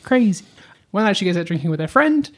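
Chatty woman co-host, lowish voice. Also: racing. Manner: animated retelling of plot with lots of "like" and fillers. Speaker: podcast co-host. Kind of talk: casual anime podcast chat.

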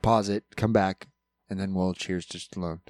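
A man's voice: low voice, fairly even intonation, normal speed, a little mellow, no echo, clean studio sound. A man co-hosting a podcast in loose casual chat, swearing freely and laughing along. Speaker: podcast co-host.

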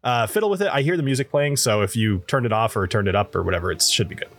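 A man's voice: fairly low pitch, very fast, a bit bright. A man narrating as game master in a casual, laughing way, with lots of fillers, on a home microphone.

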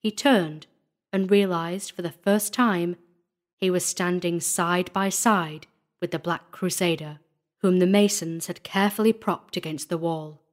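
A woman narrating a gothic horror story as a dramatic audiobook reading, measured and building tension. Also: lowish voice, steady tone.

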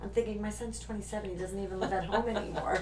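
A middle-aged shop owner hosting a podcast from a couch in an indoor room talks quickly in a steady, mid-range voice, chatting casually and laughing often. Echoey room, distant mic, faint background noise.

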